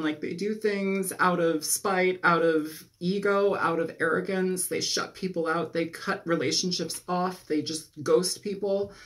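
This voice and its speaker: A man giving a casual tarot reading, rambling and clearing his throat often as he loses his voice after a nap. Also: sits high, fairly bright tone. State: losing his voice, just woke from a nap. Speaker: tarot reader.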